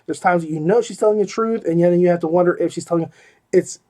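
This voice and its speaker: Animated man reviewing gory books. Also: high-pitched, quick pace. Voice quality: animated, emphatic, swings between loud exclamations and mumbled asides. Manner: rambling and self-interrupting, with repeated 'okay?' and 'like'. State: hiccuping. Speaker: podcast host reviewing audiobooks. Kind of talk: casual spoken book review.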